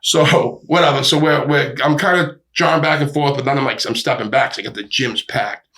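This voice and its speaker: A man, a podcast guest and boxing gym owner, telling stories in a profane, animated way. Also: medium pitch, brisk. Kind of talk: casual storytelling.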